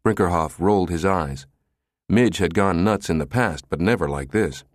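A man reading a thriller audiobook in a measured, even storytelling manner. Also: sits low, no echo, clean studio sound. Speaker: audiobook narrator. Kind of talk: scripted thriller narration.

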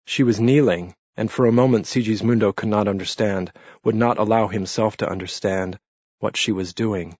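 A man narrates a novel in a measured, unhurried literary style. His voice is low. The recording is dull and lo-fi, with a dry, close sound. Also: fairly even intonation, a little mellow, slightly rough, no echo. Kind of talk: audiobook narration.

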